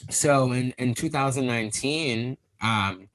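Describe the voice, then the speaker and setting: A young man, a podcast guest, telling an earnest personal story in conversation, animated and emotional, acting out what others said. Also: mid-range voice, measured pace, low-quality recording. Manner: earnest, animated storyteller who acts out quoted speech.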